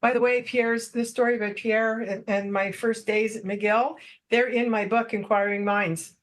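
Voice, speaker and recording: Woman telling a lively anecdote. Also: fairly high pitch, normal speed. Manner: animated anecdotal storytelling. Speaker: podcast guest. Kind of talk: casual storytelling.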